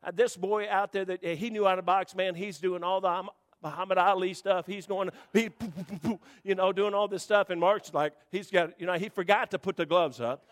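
A man preaching to a congregation, telling a rambling, animated story with restarts. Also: sits high, brisk. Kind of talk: storytelling sermon.

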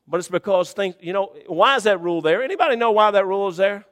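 A man preaching a sermon in a folksy, conversational way, dropping to quiet murmurs and rising to high shouts. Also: quick pace, in a large hall.

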